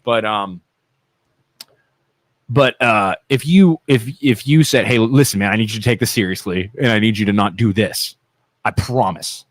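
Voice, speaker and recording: A man's voice: fairly low pitch, moderate pace, dry recording. Goofy ohio guy on a local talk show, teasing his buddy, dry close mic sound. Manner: goofy, teasing, talks over his co-host. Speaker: podcast co-host. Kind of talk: casual radio talk show banter.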